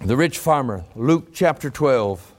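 A man's voice: medium pitch, lively intonation, measured pace. A male preacher telling a story fervently in a revival sermon, repeating himself for weight.

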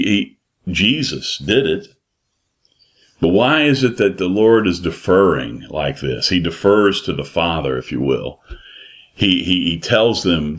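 A man preaching a sermon in a slow, emphatic way, repeating his phrases. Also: sits low.

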